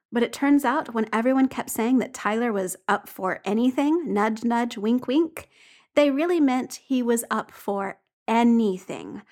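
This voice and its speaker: Woman, audiobook narrator, wry conversational delivery, fairly high voice.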